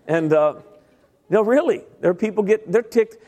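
A middle-aged male preacher with a fairly high voice, delivering an animated, joking sermon full of acted-out stammers and impressions. His voice carries a long reverb from a large church hall. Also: normal speed, some chatter behind. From Italian-American family. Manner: animated storytelling, stammering impressions, self-deprecating humor.

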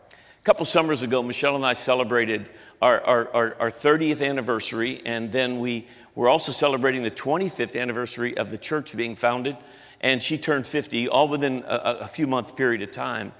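A man's voice: mid-range voice, brisk, fairly bright tone, big-room sound. A man in his fifties preaching a sermon as pastor, in a loose, chatty way, often restarting his sentences. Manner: conversational, self-interrupting, frequent restarts.

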